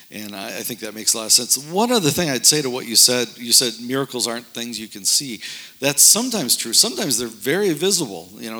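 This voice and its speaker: A man's voice: on the low side, sharp tone. A man speaking earnestly in casual discussion about faith and miracles, telling a story with many fillers and restarts.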